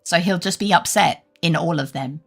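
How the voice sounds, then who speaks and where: A woman's voice: on the low side, moderate pace, gravelly, soft background music. A British woman streaming live, chatting with viewers in a rambling, sweary, self-deprecating way and laughing often. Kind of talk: casual chat with live viewers.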